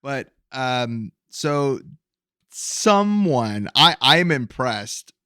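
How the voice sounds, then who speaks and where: Male co-host, mid-pitched bright voice, dry sound, wry explainer. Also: big pitch swings, extremely slow, clear, resonant tone, no room sound. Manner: wry, joking asides. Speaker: podcast co-host. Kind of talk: casual chat, explaining a topic.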